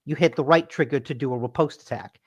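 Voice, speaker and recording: A podcast co-host on a call, talking in a halting way full of fillers and laughing easily. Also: medium pitch, slightly rough, lo-fi sound. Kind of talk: casual chat. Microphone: remote call mic.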